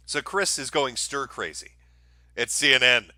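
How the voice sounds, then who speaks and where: A man's voice: mid-range voice, expressive, measured pace, bright, forceful tone, no echo. A man hosting a commentary show, mocking the video clips he plays with profane, sarcastic remarks. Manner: mocking, profane, mimics people in sneering voices.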